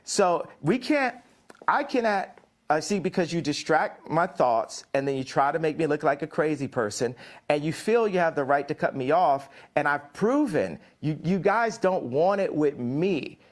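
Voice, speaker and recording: An American man argues hard in an interview, his voice sitting a little high. He pushes back when cut off and repeats phrases to hold the floor. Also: expressive, moderate pace. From United States. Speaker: interview guest. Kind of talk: heated interview debate.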